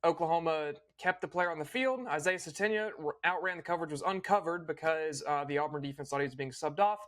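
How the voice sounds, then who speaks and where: A young man hosting a casual recap, opinionated and fluent, with quick small restarts. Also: a little high, a bit bright. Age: young adult. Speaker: host.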